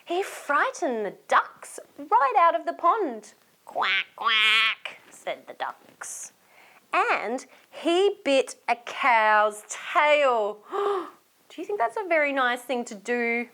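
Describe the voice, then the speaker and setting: A woman from Australia reading a storybook aloud to young children, animated and inviting them to join in. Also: sits high, slow pace.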